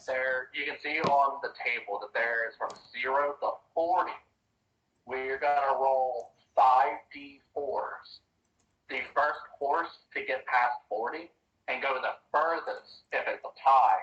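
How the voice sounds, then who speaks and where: A man's voice: medium pitch, a little slow, fairly bright tone, echoey room, recorded from a distance, highs cut off, a little hiss or hum. A man acting as dungeon master in an online tabletop game, tracking bets and dice rolls aloud with casual asides.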